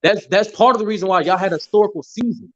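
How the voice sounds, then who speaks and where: A man's voice: sits high, quick pace, a bit bright, no echo. A man on a panel arguing his point insistently, repeating himself to push back. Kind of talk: heated panel debate. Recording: dry, dull lo-fi sound.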